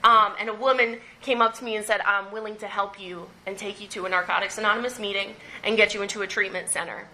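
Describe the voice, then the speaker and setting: A woman's voice: mid-range voice, fairly even intonation, fast talker, hardly any pauses, bright, forceful tone, slight background noise, rough recording. A young woman sharing her recovery story at a meeting, candid and conversational, often laughing as she talks. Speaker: recovery speaker. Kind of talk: personal testimony at a recovery meeting. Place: meeting room.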